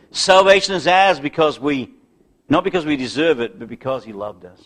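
A man preaching an evening sermon, building to loud emphatic peaks and sinking to a hushed, soft close, with old-fashioned biblical phrasing. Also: a little high, lively intonation, moderate pace.

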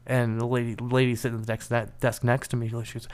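Smooth-voiced man telling a wry story. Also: medium pitch, fast. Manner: relaxed, wry, acts out quoted people. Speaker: penetration tester co-host. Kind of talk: casual storytelling chat.

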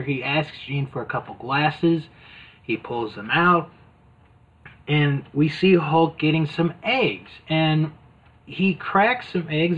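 A man with a fairly high, husky voice casually chats through an old wrestling videotape, recounting it scene by scene. He sounds amused and rambles with plenty of fillers, and the audio is tinny, like a phone.

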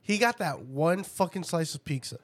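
A man's voice: a little high, animated, moderate pace. A man telling profane stories in casual chat, laughing often.

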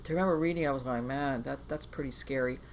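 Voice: mid-range voice, fast. A podcast host in casual conversation, reacting to a guest's story and laughing often. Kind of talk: casual chat.

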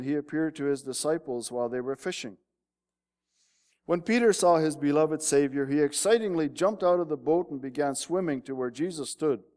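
A man's voice: on the high side, a little mellow. A man preaching a sermon, reading a story aloud and building to emphatic peaks. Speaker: pastor. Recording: long hall reverb.

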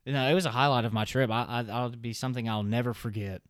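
A man's voice: medium pitch, fairly even intonation, fast, no echo, studio quality. A young man with a Southern US accent, casually telling a long, rambling story with lots of fillers. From American South. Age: young adult.

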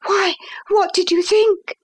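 A frightened young governess pleads in a high, breathless voice, as a woman reads her part. She sounds anxious and on edge. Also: steady tone, takes it slowly.

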